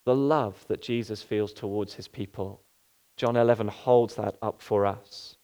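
A man's voice: on the low side, fairly even intonation, measured pace, mellow. Earnest preacher man. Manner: earnest, with rhetorical questions. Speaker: pastor. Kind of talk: sermon.

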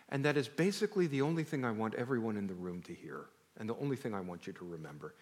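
A man's voice: mid-range voice, very animated, fast talker. A male pastor preaching a sermon in a conversational way, often putting questions to the congregation and shifting his emphasis freely.

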